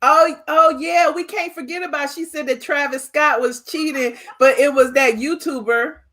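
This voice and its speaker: A woman's voice: sits high, steady tone, moderate pace, a bit bright. A woman hosting her channel, commenting casually on clips with amused, incredulous rhetorical questions and frequent laughter. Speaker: channel host.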